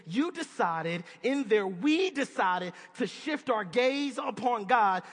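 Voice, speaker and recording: In a hall with long reverb, a man preaches a sermon in a conversational, emphatic way, putting questions to his listeners. His voice is high-pitched and a bit bright.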